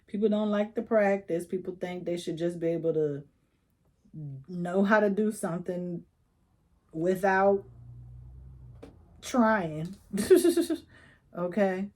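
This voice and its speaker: Chatty woman reading tarot, mellow tone. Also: fairly low pitch. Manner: chatty, coaching, slangy, laughs often. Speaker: tarot reader.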